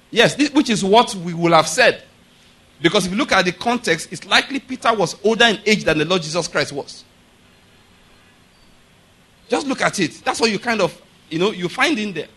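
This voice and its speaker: A man's voice: sits high, lively intonation, moderate pace, pauses often, fairly bright tone, breathy edge. A man preaching a sermon, emphatic and direct, often asking his listeners rhetorical questions.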